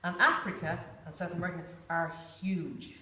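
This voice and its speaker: A woman's voice: lowish voice, steady tone, normal speed, pushed and bright. A woman leads a workshop group in a chatty, informal way, often saying "you know" and acting out little voices. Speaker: workshop facilitator. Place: large echoey room with a group. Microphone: distant room mic. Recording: echoey room, far from mic, faint hiss.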